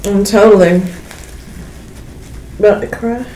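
Eating in front of the camera, this woman talks easily to her audience, addressing them as "y'all" and humming and chewing as she goes, in a casual mukbang chat. She takes things slowly in a mellow, mid-range voice with fairly even intonation, recorded in an echoey space with faint noise.

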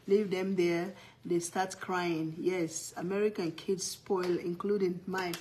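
A woman's voice: on the low side, flat delivery, takes it slowly, noisy background. A middle-aged woman hosting a home cooking stream, chatting casually, teasing and laughing often. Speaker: cooking livestream host. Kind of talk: casual chat.

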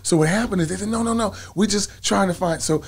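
Talking fast in a high, husky voice, this middle-aged man shares his past as a guest in a relaxed interview. He laughs a lot and now and then slips into snatches of song.

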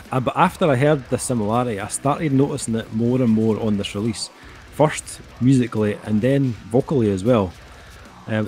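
A man's voice: fairly low pitch, darkish tone, slight background noise. A middle-aged man co-hosting an album review, talking casually and rambling with lots of fillers. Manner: rambling, heavy on fillers like "um" and "kinda".

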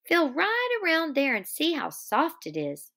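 A woman's voice: wildly swooping pitch, measured pace, a bit bright, full character voice. A woman voicing a coy young ranch wife. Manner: coy, then shrill.

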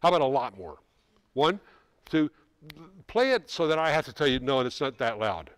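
A middle-aged man coaching a school band in rehearsal, brisk and joking, calling out counts and singing rhythms. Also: medium pitch, very animated, fairly bright tone, no room sound. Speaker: band clinician.

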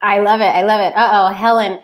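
Laughing woman co-host, mid-pitched. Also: flat delivery, fast. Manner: laughing, self-deprecating chatter. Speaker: podcast co-host. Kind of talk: casual live-stream chat.

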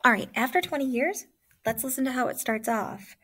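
A woman's voice: sits high, animated, a little fast, a bit bright, breathy edge. A woman teacher giving an online classroom lesson and walking students through examples step by step.

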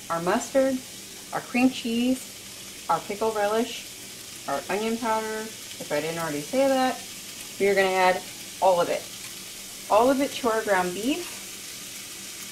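A woman's voice: mid-range voice, slight background noise, rough recording. A woman hosting a home cooking video, chatting casually and poking fun at herself while she cooks at the stove. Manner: chatty, self-mocking, laughs often.

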